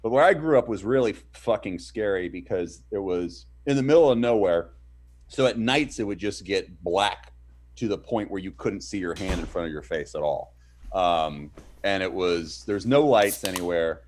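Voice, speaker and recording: A man from Virginia chats casually on a stream, his pitch moving in a lively, animated way. He reacts with quick jokes and swears without much thought. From Virginia, USA. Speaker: stream co-host. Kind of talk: casual chat.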